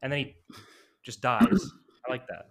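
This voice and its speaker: A man's voice: mid-range voice, big pitch swings, moderate pace, vocal fry, a little hiss or hum. A man co-hosting a comedy podcast, playful and goofy, laughing easily. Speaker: podcast co-host. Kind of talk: casual comedy chat with impressions.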